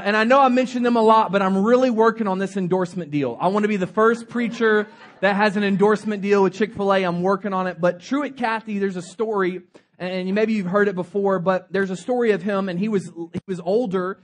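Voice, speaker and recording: A young man preaching a sermon as pastor, telling stories in a humorous, animated way. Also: sits high, fairly quick. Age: young adult.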